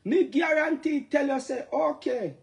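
Jamaican male musician, high-pitched, heated preachy monologue with sudden shouts. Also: a little slow, creaky. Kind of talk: impassioned straight-to-camera rant.

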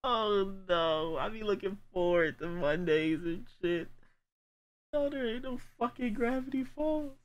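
A man reacting to a cartoon episode, excitable and profane, shouting out his reactions as he watches. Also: high voice, a little slow, muffled recording. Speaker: reaction video host. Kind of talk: casual cartoon reaction commentary.

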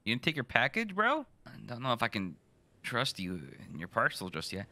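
A young man playing a horror game, joking, swearing and reacting loudly in casual commentary. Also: medium pitch, huge pitch swings, fairly quick, dry recording. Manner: joking, profane, loud reactions. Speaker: gaming streamer. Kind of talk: casual let's-play commentary.

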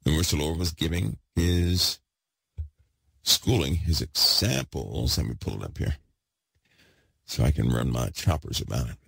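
Deep husky guy preaching all fired up, voice jumps around a lot, dry close sound. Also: unhurried, pauses often, no echo. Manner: excitable, swings loud and then hushed, repeats himself for emphasis. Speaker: podcast host preaching. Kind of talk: impassioned preaching.

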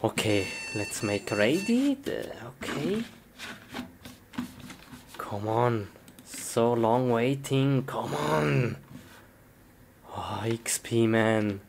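A woman performing a playful comedy skit, chatting to herself and breaking into excited yelps. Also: rumbling low, very slow, long pauses, slight background noise.

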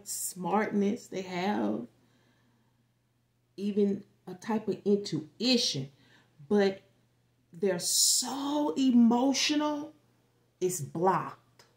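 Low-voiced woman giving a rambling tarot forecast. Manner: rambling, animated, swears freely, acts out quoted reactions. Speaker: tarot reader.

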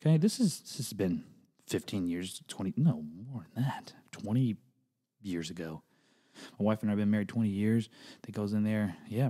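A middle-aged man hosting a comedic solo podcast, talking in an animated way that jumps into high, exaggerated bits and restarts often. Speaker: podcast host.

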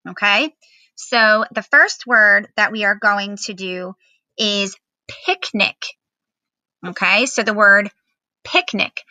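A woman's voice: mid-range voice, steady tone, takes it slowly, pushed and bright, no echo, low-quality recording. A woman teacher giving a recorded phonics lesson to children at home, patiently spelling out words with fillers.

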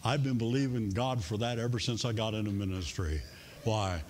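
A man preaching a sermon in a church in a folksy, humorous way, with soft music faintly behind him. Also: fairly low pitch, normal speed, a little hiss or hum. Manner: folksy and humorous, playing out voices in stories. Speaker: pastor. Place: church sanctuary.

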